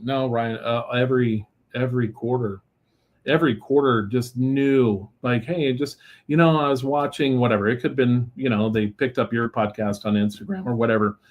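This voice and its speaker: A man's voice: mid-range voice, normal speed, phone-quality sound. Talkative male guest with easy fillers. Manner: relaxed and talkative, with many fillers and "you know". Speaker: guest, lighting company executive. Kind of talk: casual interview chat.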